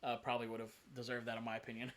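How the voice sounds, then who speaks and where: A man co-hosting a casual gaming podcast, animated and swearing freely as he gushes about games. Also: mid-range voice, very fast. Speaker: podcast co-host. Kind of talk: casual chat.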